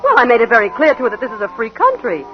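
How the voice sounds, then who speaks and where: A woman playing a witty, sharp-tongued young wife in a 1940s radio play, sarcastic and playful. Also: a little high, wildly swooping pitch, racing. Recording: muffled old radio broadcast with music.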